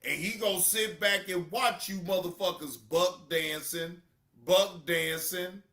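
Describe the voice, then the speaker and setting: A man with a high, bright, edgy voice delivers a profane comedic rant as a reaction streamer. He takes his time with the lines, mocks, shouts now and then, and sounds like he is in an echoing room. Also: steady tone, a little slow. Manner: cursing, mocking, bursts into loud laughter and shouts.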